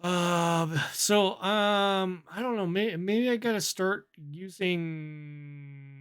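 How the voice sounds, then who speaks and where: A man's voice: high voice, extremely slow, fairly bright tone, clean tone. A man recapping his chats with an app in a casual, amused and dry way, chuckling as he goes. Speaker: vlogger reviewing an app.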